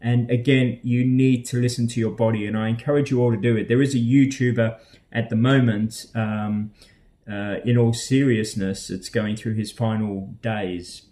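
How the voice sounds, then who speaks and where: An Australian man talks casually to camera in a vlog, wandering from point to point. His speech is full of ums, uhs and restarts, but his pitch sits in an ordinary middle range. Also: fairly even intonation, moderate pace, dark tone. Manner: rambling and hesitant, with many ums and uhs. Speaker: vlogger.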